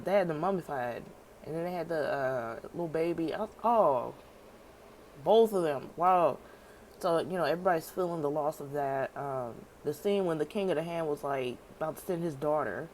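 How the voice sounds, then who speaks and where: A woman casually recapping a TV episode, animated and slangy, laughing often. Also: sits low, slight background noise, rough recording. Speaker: TV show recapper.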